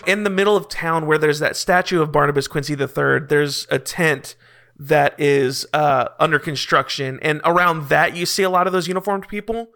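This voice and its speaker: Game master, male, bright and slightly high voice, halting filler-heavy narration of a tabletop game. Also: creaky.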